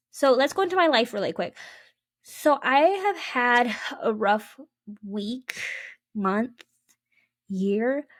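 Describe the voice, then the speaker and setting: A woman's voice: medium pitch, no room sound, studio quality. A young adult woman hosting a casual storytelling podcast, chatty and digressive, with many ums and restarts. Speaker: podcast host.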